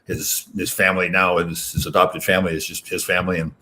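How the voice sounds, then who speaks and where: A man from Canada hosting a casual chat, fired up and talking fast. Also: deep voice, flat delivery, pushed and bright. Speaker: host.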